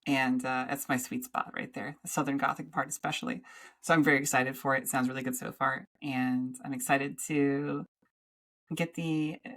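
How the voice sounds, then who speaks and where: A woman co-hosting a podcast in casual chat, talking in a rambling, halting way with many restarts. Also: rumbling low, little pitch movement, fairly bright tone. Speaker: podcast co-host.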